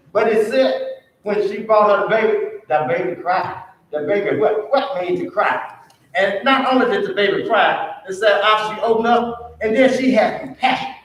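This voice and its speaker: Man, high voice, teaching a church Bible class; echoey room, distant mic. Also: fairly bright tone. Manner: call-and-response questioning. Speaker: Sunday school teacher.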